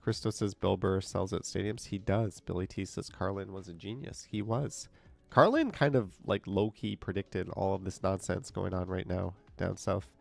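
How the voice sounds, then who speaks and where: Stuffy-nosed man, gravelly and low. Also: moderate pace, soft background music. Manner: chatty, reads viewer comments aloud and answers them. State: stuffed up, nasal from a cold. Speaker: live streamer reading chat. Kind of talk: casual live-stream chat. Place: indoors.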